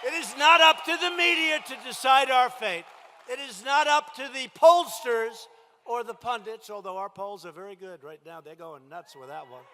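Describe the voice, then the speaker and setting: A man delivers a campaign rally speech in a big indoor venue. His voice sits high and comes out forceful and sharp. He talks in short, emphatic bursts and keeps circling back to the same lines. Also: moderate pace, a little hiss or hum. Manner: emphatic, repetitive, punchy phrasing. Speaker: politician addressing a rally.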